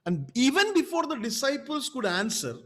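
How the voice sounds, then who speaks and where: A man with a high voice preaches a sermon as pastor. He talks emphatically and repeats his points, often stopping to check in with the congregation through rhetorical questions. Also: very animated, moderate pace, a bit bright.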